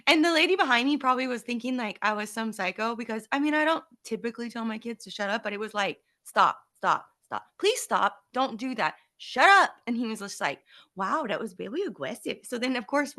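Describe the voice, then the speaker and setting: An animated woman in her thirties, co-hosting a casual podcast. Her voice sits a little high and rings bright, and she tells her stories with lively energy. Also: brisk. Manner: animated, laughing storyteller. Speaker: podcast co-host. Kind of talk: casual chat.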